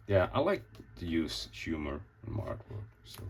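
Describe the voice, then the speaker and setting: Low-pitched, gravelly and husky, this man is very animated as he talks at a normal speed through his comic pages. The comic artist rambles in a casual show-and-tell, cursing often and performing each scene.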